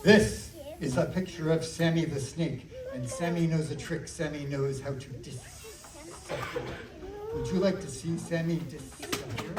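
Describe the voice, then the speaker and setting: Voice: mid-range voice, sing-song, a little slow. A children's magician performing a live show, playfully coaxing the audience with countdowns and a magic word. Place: library activity room, indoors. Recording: distant, echoey, loud crowd noise. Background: noisy crowd of children.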